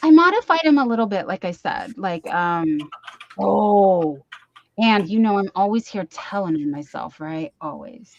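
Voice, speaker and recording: Woman host, casual and rambling, mid pitch, dry dull mic. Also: expressive, unhurried, no room sound. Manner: chatty, rambling, reads chat comments aloud. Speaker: live stream host. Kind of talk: casual chat.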